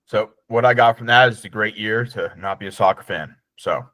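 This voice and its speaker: A man's voice: fairly low pitch, fairly quick, bright, forceful tone, no echo. A man co-hosting a podcast in casual chat, dropping dry, wry asides. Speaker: podcast co-host.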